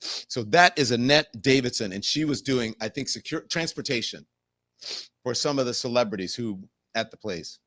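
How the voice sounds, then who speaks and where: A middle-aged man hosting his own show, telling a story in a casual, animated way, acting out quoted voices and swearing freely. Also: medium pitch, normal speed. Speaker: show host.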